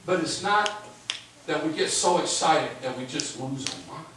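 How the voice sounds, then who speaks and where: A man's voice: on the high side, expressive, moderate pace, fairly bright tone, slight background noise. A man preaching as pastor in a church sanctuary, folksy and storytelling, acting out the voices of the people he tells about. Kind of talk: casual sermon talk. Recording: echoey church, distant mic, music behind.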